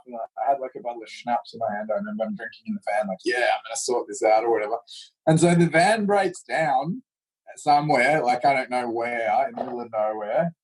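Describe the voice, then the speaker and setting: A man's voice: medium pitch, low-quality recording. A man, a martial arts instructor, telling stories in a casual interview and acting out the voices of the people he quotes. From Australia. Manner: animated storyteller who acts out quoted voices.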